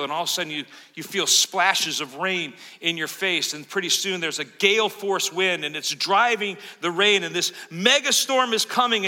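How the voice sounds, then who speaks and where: A male pastor preaching with a high, sharply bright voice. His delivery swings between loud, urgent peaks and quiet, intimate asides. A long church reverb hangs on every phrase. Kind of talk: sermon. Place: church sanctuary.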